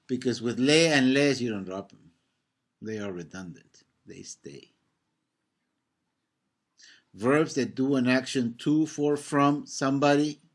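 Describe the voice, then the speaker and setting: A man teaching a Spanish grammar class, patiently explaining, quizzing his students and often checking in with "right?". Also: on the low side.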